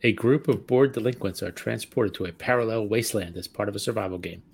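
A man's voice: fairly low pitch, quick pace, creaky, slightly rough. A man co-hosting a podcast, joking and bantering in casual chat. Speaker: podcast co-host.

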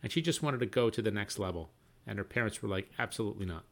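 A middle-aged man co-hosting a podcast, chatting casually and telling stories with lively exclamations. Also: on the low side, fast talker, creaky. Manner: animated storyteller, exclaims often. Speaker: podcast co-host. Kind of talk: casual chat.

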